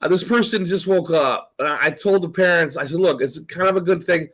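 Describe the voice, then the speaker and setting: A man's voice: on the high side, brisk, a bit bright, poor audio. A man talking as a guest in a casual chat, rambling and swearing as he tells stories full of quoted dialogue.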